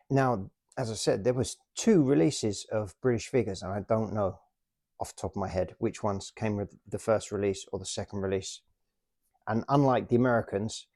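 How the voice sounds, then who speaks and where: A man's voice: on the low side, vocal fry, dark tone, no room sound, studio quality. A man hosting a casual show-and-tell about his toy collection, chatty and self-deprecating.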